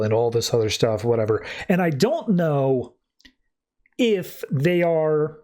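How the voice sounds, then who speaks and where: A man's voice: on the high side, measured pace. A man hosting a podcast, recapping a comic in a casual, irreverent way and acting out the dialogue. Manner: animated, irreverent, acts out dialogue. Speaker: podcast host.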